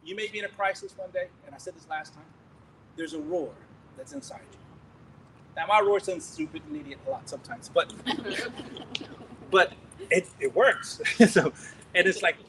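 A middle-aged male preacher telling a story in a sermon, animated and laughing, acting out scenes loudly. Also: high voice, brisk, slight background noise, low-quality recording.

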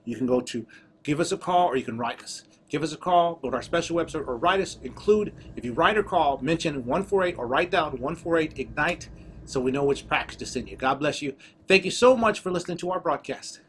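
A man's voice: fairly high pitch, lively intonation, brisk, slight background noise. A man closing a religious broadcast, giving plain, repeated instructions for getting in touch. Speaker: broadcast host. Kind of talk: broadcast sign-off announcement.

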